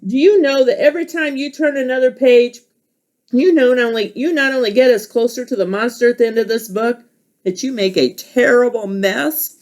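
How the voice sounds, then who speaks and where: A woman voicing a furry, fearful male puppet monster, reading from a storybook, with a high, excited, pleading way of speaking. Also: normal speed, lightly acted. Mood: exasperated. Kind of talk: storybook read-aloud.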